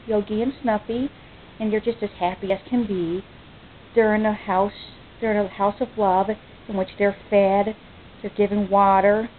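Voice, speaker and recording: An American woman talking earnestly and off the cuff in a home vlog, halting and restarting often with many ums, sounding choked up. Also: medium pitch. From United States. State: choked up, near tears. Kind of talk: impromptu personal vlog. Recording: tinny phone-like, faint hiss.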